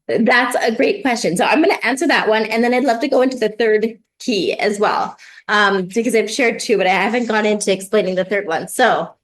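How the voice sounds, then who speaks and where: A woman parenting coach explaining advice in conversation, lively, often acting out what parents and kids say. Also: medium pitch, brisk. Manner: animated, acts out parent and child voices.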